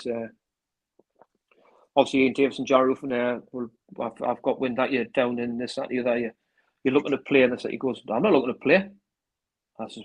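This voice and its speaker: A man with a North East English accent telling rambling football anecdotes, acting out old phone calls with a steady run of "I says". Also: medium pitch, breathy edge, rough recording. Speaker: interview guest, former club manager.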